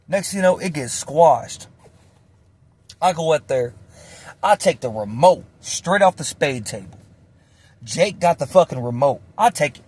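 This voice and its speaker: A man with a notably high speaking voice tells a story in a loose storytime style. His talk is slangy and animated, and he swears freely as he goes. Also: measured pace, long pauses, husky, no room sound. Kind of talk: casual storytime.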